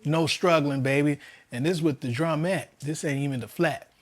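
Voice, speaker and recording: Excited man cooking outdoors. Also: a little high, moderate pace. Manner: excited, chatty, addresses viewers as y'all. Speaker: home barbecue cook. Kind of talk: casual cooking vlog. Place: outdoors by a smoker in winter.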